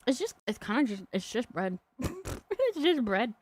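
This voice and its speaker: A woman's voice: a little high, big pitch swings, moderate pace. A woman streamer chatting casually and rambling, laughing often and snacking as she talks. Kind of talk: casual live-stream chat.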